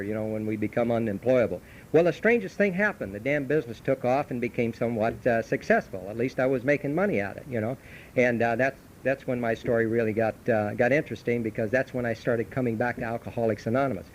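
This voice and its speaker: A man's voice: mid-range voice, low-quality recording. A middle-aged man giving a folksy, storytelling recovery talk at a meeting, grown up in Southern California. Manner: folksy storytelling, animated when telling the anecdote. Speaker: AA speaker. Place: meeting hall. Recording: old cassette tape with faint hum.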